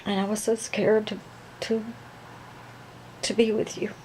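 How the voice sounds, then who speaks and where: A woman voicing an emotional young woman who talks in halting, fretful bursts and repeats her words. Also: medium pitch, little pitch movement, a little hiss or hum, lightly acted, poor audio.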